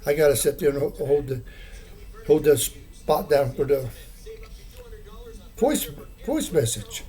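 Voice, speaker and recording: A man's voice: on the high side, expressive, slow, mellow. An older man talking casually to the camera in a meandering, plainspoken way, with many fillers and restarts. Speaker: vlogger. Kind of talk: casual rambling monologue.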